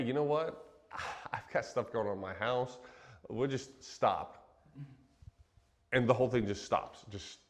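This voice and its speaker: A man from Western Kansas giving a relaxed, chatty Bible teaching, laughing easily and filling pauses with ums. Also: low voice. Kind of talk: casual Bible teaching chat.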